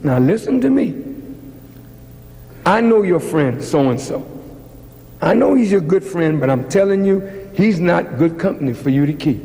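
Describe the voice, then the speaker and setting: A man's voice: fairly high pitch, animated, a little slow, gravelly, long pauses, mellow, pitched below the performer's own voice. A man voicing a firm mother who lectures her son and warns him off a bad friend. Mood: warning. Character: stern caring mother warning her son. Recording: long hall reverb.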